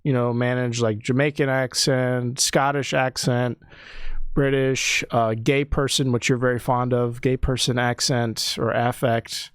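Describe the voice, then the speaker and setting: A man's voice: mid-range voice, level tone, measured pace, clear, resonant tone, no echo, studio quality. A young man, a comedian hosting a podcast, talking in a rambling, thoughtful way with frequent restarts. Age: young adult. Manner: rambling, self-correcting, thoughtful. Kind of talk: casual podcast chat.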